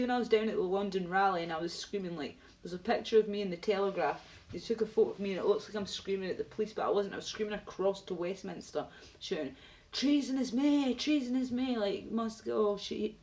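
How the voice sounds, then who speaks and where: A woman chatting casually on a live stream, rambling and ranting while answering viewers by name. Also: medium pitch.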